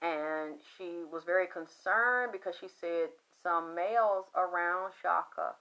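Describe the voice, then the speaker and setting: A woman telling a story in a loud, profane, excitable monologue, acting out the voices she quotes. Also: on the low side, a little slow. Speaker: spiritual commentator.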